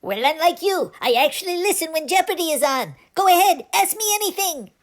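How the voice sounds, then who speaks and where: A man's voice: very high voice, expressive, brisk, voice pushed up. A man voicing a sassy, wisecracking male Pomeranian dog who complains bluntly in a comic sketch.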